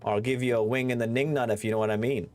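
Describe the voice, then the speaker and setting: A man's voice: medium pitch, steady tone, fast, a little mellow, soft background music, close to an everyday voice. A man voicing a grumpy male train engineer in a thick put-on Minnesota accent, with blustery, stammering scolding.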